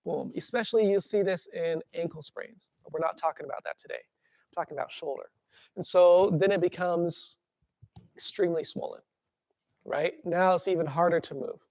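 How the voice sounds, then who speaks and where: Man, workshop teacher, gravelly, dry close sound, guided breathing, animated explaining. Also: on the high side, normal speed, no echo. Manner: calm guiding breath cues, then animated explaining with acted-out reactions.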